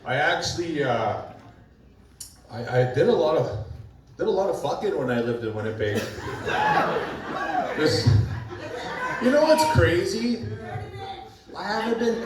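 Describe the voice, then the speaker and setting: A man doing a crude, rambling stand-up set, often laughing at his own jokes. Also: fairly high pitch. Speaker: stand-up comedian. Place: comedy club stage. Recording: echoey club from far off, audience noise.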